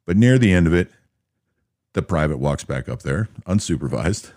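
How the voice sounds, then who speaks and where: A man with an extremely deep, low voice tells a story in a relaxed, matter-of-fact way. He sounds close and dry, with no room echo, and briefly acts out the people he quotes. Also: normal speed. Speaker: storyteller recounting army anecdotes. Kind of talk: casual spoken storytelling.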